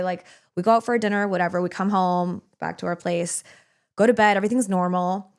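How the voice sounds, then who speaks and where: A young woman telling a personal story in casual podcast chat, animated and full of "like" fillers. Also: mid-range voice, a little fast, clear, resonant tone. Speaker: guest storyteller.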